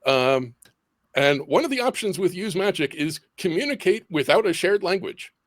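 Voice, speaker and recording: A man's voice: high-pitched, lively intonation, moderate pace. A man playing a tabletop role-playing game, hesitant, with lots of ums and restarts. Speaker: player. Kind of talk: in-character tabletop play.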